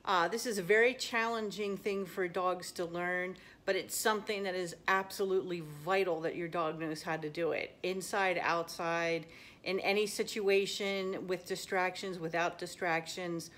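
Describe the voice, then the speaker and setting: Woman, dog trainer, upbeat, friendly, fairly low voice, explaining step by step. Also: fairly even intonation, moderate pace, fairly bright tone. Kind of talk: instructional video talk.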